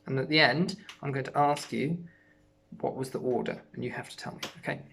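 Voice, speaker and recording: A primary school music teacher giving an online lesson to young children, speaking gently and encouragingly. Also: mid-range voice, fairly even intonation, brisk, creaky.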